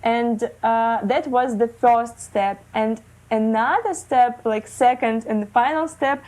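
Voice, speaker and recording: Russian-born woman, 30s, non-native English, slightly high, slow and halting, interview guest. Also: darkish tone, poor audio. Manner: hesitant, many fillers, non-native phrasing. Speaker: guest, illustrator. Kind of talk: casual interview talk. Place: living in Germany.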